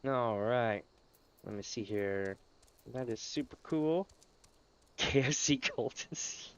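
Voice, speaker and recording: A man's voice: medium pitch, slow pace, clear, resonant tone. Chatty man streaming a game. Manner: chatty, laughs often, addresses chat. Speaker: gaming streamer. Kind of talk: casual live-stream commentary.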